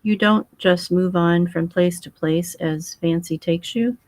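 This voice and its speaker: A woman's voice: fairly low pitch, steady tone, measured pace, darkish tone, no room sound, natural voice, rough recording. A woman voicing an earnest, boyish young English husband who talks frankly and eagerly.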